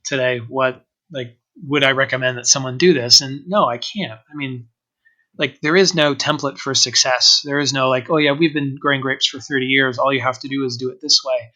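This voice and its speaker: A man's voice: medium pitch, steady tone, moderate pace, pushed and bright, rough recording. A man being interviewed about running an organic vineyard, talking casually with many ums and restarts. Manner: hesitant, lots of fillers and restarts. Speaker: organic winery owner, guest.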